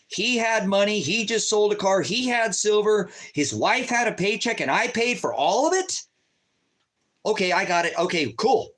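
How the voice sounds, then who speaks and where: Pitched high and sounding pushed and bright, this man vents through an angry personal story in a loose rant. He swears freely and replays his arguments with others, putting on their voices as he quotes them.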